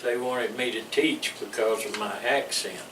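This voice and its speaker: A man's voice: mid-range voice, steady tone, moderate pace. An older man with a Southern US accent, recalling his military service in a rambling, chuckling interview style. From American South. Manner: rambling storyteller with frequent restarts and chuckles. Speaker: veteran interviewee. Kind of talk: casual oral-history recollection. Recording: echoey room, distant mic, noisy.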